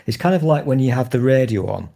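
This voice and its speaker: A man in his thirties from Northern England, with a Northern English accent, chats casually, swearing freely and teasing both himself and others. His mid-range voice is gravelly and mellow, animated and quick.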